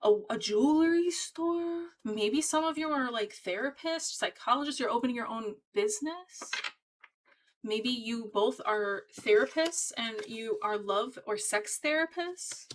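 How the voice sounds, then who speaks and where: A woman's voice: fairly high pitch, lively intonation, a little slow, low-quality recording. A woman giving a casual tarot reading to her viewers, talking in a chatty, emphatic and encouraging way. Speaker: tarot reader.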